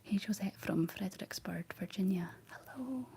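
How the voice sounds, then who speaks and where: A young Scottish woman whispering soft ASMR chat, rambling gently to her viewers while she paints, close on the mic. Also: mid-range voice, normal speed, vocal fry. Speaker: ASMR livestream host.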